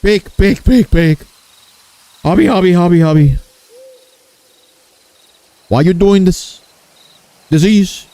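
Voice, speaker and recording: A man's voice: slow pace, pauses often, dark tone, no echo. A man doing an Indian-accented impression of a prudish, scolding man who rants and repeats insults. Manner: shrill, ranting, repeats insults.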